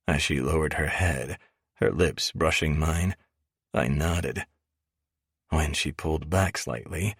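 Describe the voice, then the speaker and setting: A man narrating a romance audiobook in first person, deep and gravelly, with an even, steady reading. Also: slow pace, no room sound, clean studio sound.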